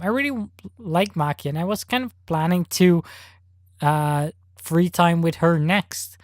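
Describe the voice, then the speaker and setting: A woman's voice: fairly low pitch, a little slow, darkish tone, no echo, soft background music. Woman rambling through game commentary. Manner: rambling, thinking aloud with restarts. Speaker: let's play host. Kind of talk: casual gameplay commentary.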